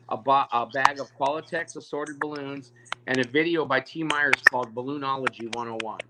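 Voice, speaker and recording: A man's voice: a little high, heavy background noise. A man, a balloon artist guest, chatting casually on a video call and acting out the voices of people in his stories. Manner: animated, acts out quoted voices, stammers on restarts.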